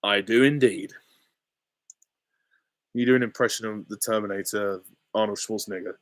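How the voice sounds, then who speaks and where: A man's voice: fairly low pitch, fairly even intonation, normal speed, dry recording, clean studio sound. Easygoing, chuckling young man on a live Q&A. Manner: easygoing and chuckling, with short, offhand answers. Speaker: channel host. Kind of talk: casual live Q&A, reading out chat questions.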